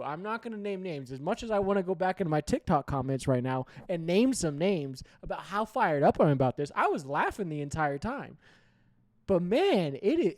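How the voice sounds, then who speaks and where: A man hosting a sports podcast, ranting heatedly with plenty of profanity and sudden loud outbursts. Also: high voice. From United States.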